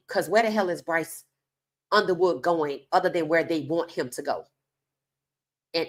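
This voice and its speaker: A woman hosting an opinionated sports commentary monologue. She talks casually and emphatically, firing rhetorical questions straight at her viewers. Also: lowish voice. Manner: casual informal speech.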